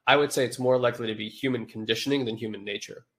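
A man's voice: medium pitch, fairly even intonation, rapid-fire. A man hosting a podcast, talking casually and rambling to a live chat audience, his voice nasal from a cold. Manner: rambling, informal, with frequent fillers. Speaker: podcast host.

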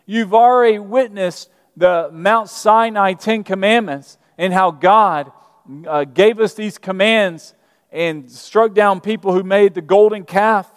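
A man's voice: high voice, slow pace, clean tone. A middle-aged man from Alabama, preaching a sermon in a conversational way and asking the congregation questions. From Birmingham, Alabama. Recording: reverberant church hall.

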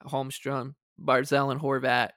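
A man co-hosting a sports podcast, talking in a measured, hesitant way. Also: mid-range voice, completely flat delivery, fairly bright tone, dry recording, clean studio sound. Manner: measured, hesitant, many fillers and restarts. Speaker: podcast co-host. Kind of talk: casual sports talk.

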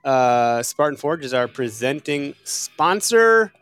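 A man's voice: mid-range voice, big pitch swings, slow, a bit bright, clean tone, soft background music. Laughing podcast host, man, midwest twang. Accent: Upper Midwest American. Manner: laughing, joking, loose and rambling. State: coughing, asthmatic. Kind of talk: casual podcast banter.

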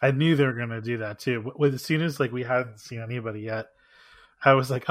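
A man co-hosts a podcast, griping in a fast, animated way. The recording is dry and close, with a mid-pitched voice. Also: dry recording. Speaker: podcast co-host. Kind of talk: casual chat.

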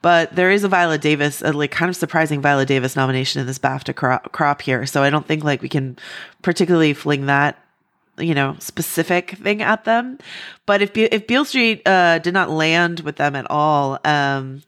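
A woman's voice: sits low, moderate pace, fairly bright tone. A woman co-hosting a casual film-awards podcast, hedging and playful, with many "like"s. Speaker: podcast co-host.

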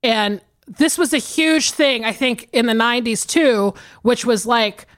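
A woman's voice: a little high, measured pace. A woman in her forties co-hosting a podcast, chatting casually about movies with lots of profanity and laughter. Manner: animated, profane, laughing storyteller. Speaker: podcast co-host.

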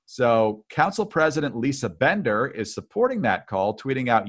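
A man co-hosting a political commentary podcast, speaking hesitantly with frequent filler pauses. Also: medium pitch, sing-song. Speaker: podcast co-host.

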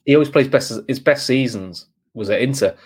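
A man in a casual football chat, quickly jumping in with his opinions. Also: medium pitch, breathy edge. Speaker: pundit.

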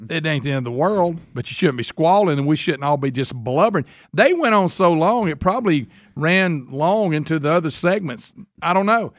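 A man's voice: on the high side, expressive, normal speed, hardly any pauses, no echo, clean studio sound. A man, ranting bluntly and folksily as co-host of a casual talk show. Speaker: radio co-host. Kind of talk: opinionated casual chat.

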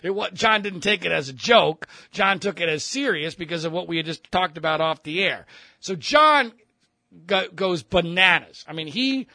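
A man, a radio host, telling a story casually with profanity and animated mimicry. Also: high voice, normal speed, creaky, no room sound.

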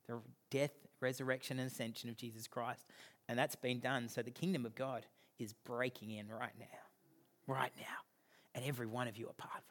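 A man, preaching a sermon as pastor, swinging from loud emphasis down to a near-whisper. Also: fairly high pitch.

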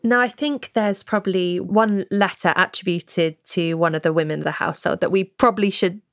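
A woman's voice: fairly low pitch, brisk, dry recording, studio quality. A woman interviewer asking engaged, inquisitive questions of a guest.

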